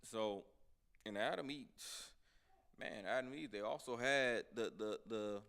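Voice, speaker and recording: A man's voice: on the low side, a little slow, a bit bright. A man teaching an informal Bible class, conversational and emphatic, addressing the class directly.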